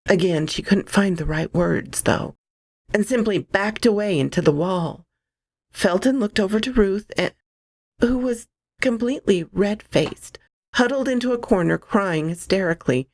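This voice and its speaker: Expressive woman reading a horror story. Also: mid-range voice, unhurried, no echo, studio quality. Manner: expressive, dramatic.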